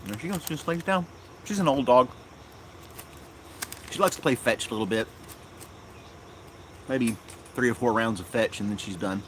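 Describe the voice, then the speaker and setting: A man chatting casually on a live stream in his yard, rambling and unhurried, talking fondly to his dog. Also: medium pitch, a little hiss or hum. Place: outdoors in a yard.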